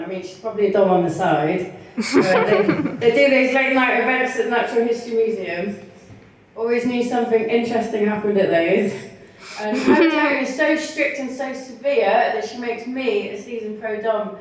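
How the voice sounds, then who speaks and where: Woman doing filthy stand-up in a bar, bit high voice, lots of giggling, super echoey and kinda far from the mic. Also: moderate pace, a little hiss or hum. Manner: bawdy, laughing at own jokes, quoting in voices. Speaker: stand-up comedian. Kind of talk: stand-up comedy set. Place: comedy night in a bar.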